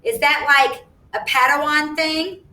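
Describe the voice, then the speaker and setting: A woman's voice: a little slow, bright, forceful tone. A woman voicing a sly, eager schoolboy. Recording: echoey room, distant mic, faint rumble.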